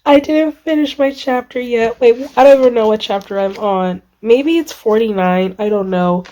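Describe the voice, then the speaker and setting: A woman book vlogger talking casually to the camera, gushing and excitable, rambling with many fillers and restarts. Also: fairly high pitch, normal speed. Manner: gushing, excitable, lots of exclamations. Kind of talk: casual reading vlog.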